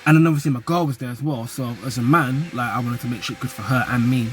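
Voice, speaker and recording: A man's voice: medium pitch, fast, fairly bright tone, a little hiss or hum. A young man from the UK and Nigeria, talking casually and animatedly to camera in street slang. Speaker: vlogger. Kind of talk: casual vlog monologue.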